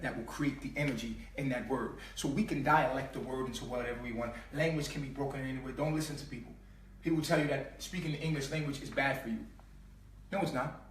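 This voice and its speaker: Forceful emphatic man teaching. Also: mid-range voice, slight background noise. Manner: emphatic, repeats and drawls sounds to demonstrate; slangy street talk. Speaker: spiritual teacher. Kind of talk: impassioned spiritual teaching. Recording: echoey room, mic at a distance.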